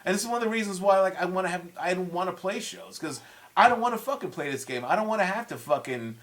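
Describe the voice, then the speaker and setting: A man's voice: high voice, lively intonation, fast talker, fairly bright tone. A man in his forties, a guest musician in a casual chat, telling stories with heated, profane language. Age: 40s.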